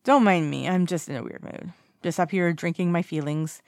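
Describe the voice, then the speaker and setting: A woman's voice: on the low side, normal speed, a little mellow, no echo, natural voice. A woman voicing a tipsy, playful young man in an audiobook, bubbly and teasing, with a dry close sound. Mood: drunk playful. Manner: bubbly, teasing, sing-song calls of a name. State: drunk. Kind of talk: audiobook character voice.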